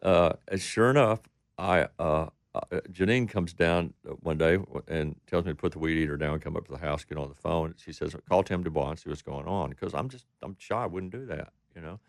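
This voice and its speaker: In a studio-quality recording with no echo, a country singer from Texas talks in a low, brisk voice. During the interview he rambles through anecdotes, voicing the people in them.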